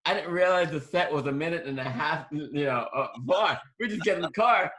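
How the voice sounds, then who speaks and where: A man's voice: on the high side, brisk, fairly bright tone. A man in his forties, a guest actor telling a long story in an interview, restarting sentences and acting out what people said. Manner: rambling, restarts often, acts out quoted dialogue.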